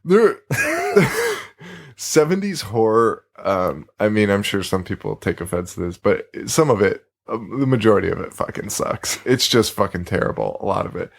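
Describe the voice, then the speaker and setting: A man's voice: on the low side, sing-song, normal speed, creaky. A man co-hosting a podcast in casual chat, rambling loosely, laughing often and swearing casually. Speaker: podcast co-host.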